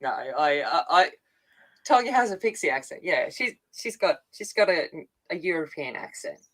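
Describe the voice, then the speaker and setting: An Australian woman from a country town, co-hosting a casual livestream chat, talking in halting restarts and laughing often. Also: low-pitched, sing-song, fairly bright tone, poor audio. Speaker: co-host.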